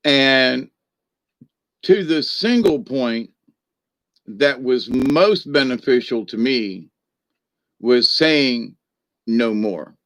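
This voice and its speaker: Slow, rambling, jokey man. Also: mid-range voice, expressive, a bit bright, dry recording. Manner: rambling and jokey, cackles often. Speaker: host of a Catholic channel. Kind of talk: casual livestream chat.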